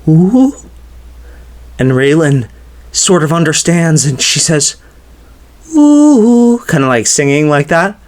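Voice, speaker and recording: A man with a high speaking voice tells an improvised comedy story, rambling and stammering as he goes. He repeats words and fills gaps with loose fillers. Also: fairly bright tone.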